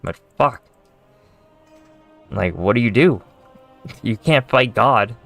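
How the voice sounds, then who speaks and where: A man's voice: medium pitch, animated, slow, gravelly, fairly bright tone, faint music behind. Profane, exasperated man ranting. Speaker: gaming video creator. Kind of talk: casual rant to camera.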